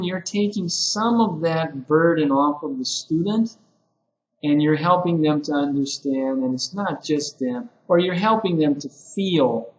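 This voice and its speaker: A man giving a relaxed lesson to ESL teachers, talking through example phrases with many fillers. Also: on the high side, a little slow, roomy sound, rough recording. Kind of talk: casual spoken lesson to camera. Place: classroom with whiteboard.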